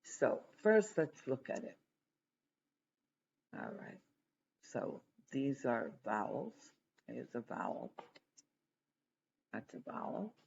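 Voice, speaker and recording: A teacher giving a slow, deliberate spoken lesson, pausing often between phrases. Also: medium pitch, vocal fry, darkish tone, lo-fi sound, slight background noise.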